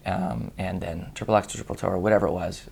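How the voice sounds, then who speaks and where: A hoarse man telling a lively anecdote in casual chat, acting out the other voices and laughing often. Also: sits low, fast talker, slight background noise. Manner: animated storyteller who acts out voices and laughs often. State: hoarse voice after a long week. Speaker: guest on a radio chat show.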